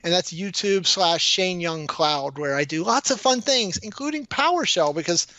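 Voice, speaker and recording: High-voiced wry male co-host. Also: lively intonation, normal speed, pushed and bright, no room sound. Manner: wry, teasing. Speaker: podcast co-host. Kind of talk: casual tech podcast banter. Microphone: headset.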